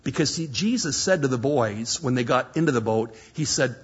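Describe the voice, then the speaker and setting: A hoarse man preaching a sermon, retelling Bible stories with lively acted-out voices. His voice is husky and the recording sounds dull and lo-fi. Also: medium pitch, normal speed. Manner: animated storytelling, acting out biblical voices. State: hoarse, coughing.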